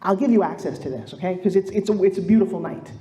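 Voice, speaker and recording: A middle-aged woman giving a motivational speech on stage, telling stories with lively acted-out quotes. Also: medium pitch, fast, echoey room. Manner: animated storytelling, acts out quoted voices. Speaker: motivational speaker. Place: stage in a large room.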